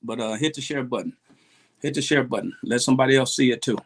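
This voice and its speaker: Earnest halting man giving advice. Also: mid-range voice, husky. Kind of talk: casual livestream chat.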